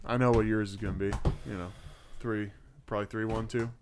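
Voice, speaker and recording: A man's voice: on the low side, steady tone, fairly quick, noisy background. A man in his twenties, co-hosting a podcast, telling a story in casual banter and laughing often. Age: 20s. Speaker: podcast co-host.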